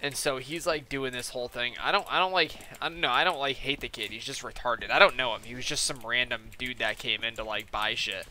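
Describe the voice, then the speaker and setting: Brief: young male gaming host, casual rambling storyteller, swears a lot, very bright and tense voice. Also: medium pitch, fairly quick, hardly any pauses, a little hiss or hum. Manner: rambling, profane, filler-heavy. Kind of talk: casual storytelling over gameplay.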